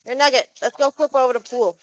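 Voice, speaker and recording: In a backyard with chickens, a pet-owner vlogger chats casually to camera and coaxes her animals with sing-song calls. Her voice sits high and moves fast, and the recording has its highs cut off.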